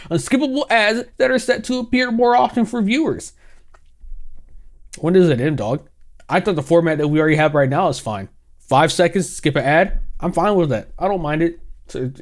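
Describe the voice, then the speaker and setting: A young man ranting sarcastically in casual commentary, exaggerated and quick to laugh. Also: fairly high pitch. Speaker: gaming commentary youtuber.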